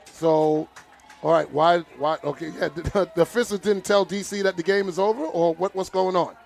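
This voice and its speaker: A male play-by-play announcer with a notably high voice calls a live football game. He talks loosely and with feeling, and keeps turning indignant and exasperated. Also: steady tone, normal speed, gravelly, darkish tone, faint music behind. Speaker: play-by-play commentator. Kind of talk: live sports commentary.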